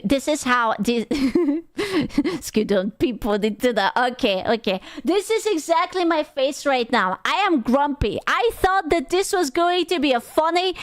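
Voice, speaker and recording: High-voiced woman ranting on stream. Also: clean tone, dry recording. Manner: rambling, profane, exasperated. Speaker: VTuber streamer. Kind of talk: casual reaction commentary.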